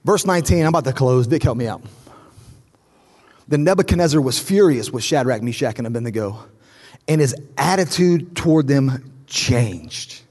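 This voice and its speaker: A man's voice: mid-range voice, animated, moderate pace, darkish tone. A male pastor in his thirties preaching a sermon to a church, building to fervent repetition and acting out stories with voices. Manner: storytelling, acting out dialogue. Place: large church auditorium. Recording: long reverb of a large hall.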